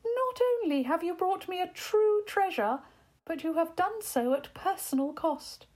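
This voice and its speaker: A woman's voice: very high voice, expressive, unhurried, a little mellow, pitched above the performer's own voice. A woman voicing a regal, gracious fairy queen in a children's story, making stately pronouncements.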